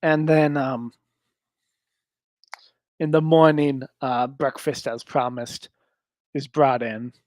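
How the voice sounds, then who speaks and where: A man's voice: medium pitch, level tone, slow pace, pauses often, a little mellow, no echo. Rambling man narrating a solo game. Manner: rambling, many fillers.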